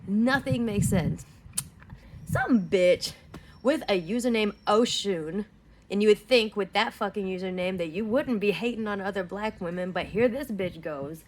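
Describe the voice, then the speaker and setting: A woman's voice: medium pitch, a little slow. A woman in her thirties with a Southern US accent, delivering a heated, profane rant to camera with emphatic repetition. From Southern United States. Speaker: vlogger. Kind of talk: angry monologue to camera.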